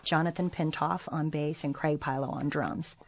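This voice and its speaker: Low-voiced bubbly woman guest. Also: fairly even intonation, moderate pace, no room sound. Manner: bubbly, laughs often. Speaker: musician guest. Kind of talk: radio studio interview. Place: radio studio. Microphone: studio microphone.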